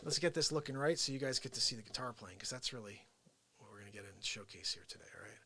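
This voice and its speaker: A man with a New Jersey accent hosting an unscripted live stream, chatting with viewers in an energetic, rambling way. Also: lowish voice, quick pace, creaky. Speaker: live-stream show host.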